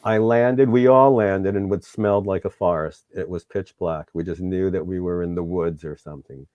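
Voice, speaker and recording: A man's voice: sits low, fairly even intonation, normal speed, a little mellow, dry recording, highs cut off. A middle-aged man, host of the show, candidly recounting a personal story in an interview and acting out the dialogue, sometimes getting emotional.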